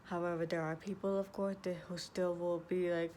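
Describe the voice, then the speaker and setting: Earnest woman with a low voice. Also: level tone, a little fast, a little mellow, a little hiss or hum. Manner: earnest, repeats herself, restarts sentences. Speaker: vlogger. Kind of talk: casual advice talk to camera.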